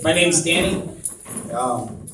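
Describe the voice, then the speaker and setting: On a comedy club stage, a man with a fairly high voice performs a stand-up set at a slow pace, animated, rambling and self-deprecating, with lots of fillers and restarts. The roomy club sound is picked up from a distance, along with crowd laughter.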